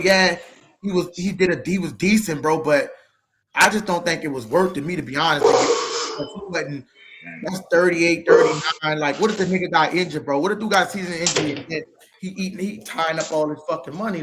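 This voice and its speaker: A man with a fairly high voice, co-hosting a sports podcast. He rambles and gets heated, swearing freely. A faint hiss and occasional clicks sit under his voice. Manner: animated, heated, profane, rambling. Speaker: podcast co-host. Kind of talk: casual sports chat.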